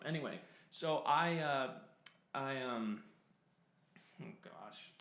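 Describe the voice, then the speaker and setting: A man's voice: medium pitch, expressive, measured pace, a bit bright. Rambling young man with a roomy echo. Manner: self-interrupting, laughs at himself, many fillers. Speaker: storyteller. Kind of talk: rambling personal anecdote.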